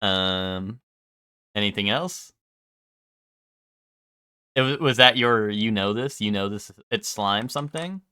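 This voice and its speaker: Young streamer dude, swears a ton, lots of ums, crisp bright voice. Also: male voice, fairly low pitch, takes it slowly, long pauses, dry recording, clean studio sound. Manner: rambling, swears a lot, full of ums. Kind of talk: casual live-stream chat.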